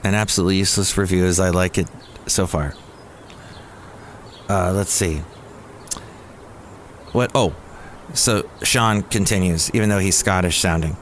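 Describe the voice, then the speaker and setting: A man's voice: deep voice, steady tone, measured pace, pauses often, a little hiss or hum. Goofy jokey male podcast host. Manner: goofy, jokey, slips into silly voices. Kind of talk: comic solo podcast chat.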